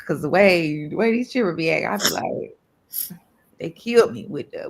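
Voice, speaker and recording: A woman in her thirties hosting a casual accountability call, animated and exclaiming in high bursts. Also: moderate pace, gravelly. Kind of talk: casual group video call chat.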